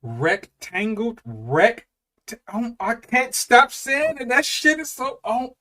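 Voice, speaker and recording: A man in his thirties giving casual reaction commentary, animated and profane, laughing often and drawing out his exclamations. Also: very high voice, unhurried. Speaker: reaction video host.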